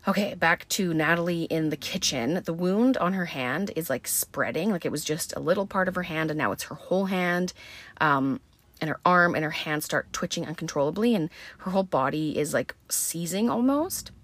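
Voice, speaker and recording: Low-voiced woman recapping a film casually. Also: animated, moderate pace, no room sound. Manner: chatty, full of "um" and "like" fillers; blunt, swears casually. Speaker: movie recap host.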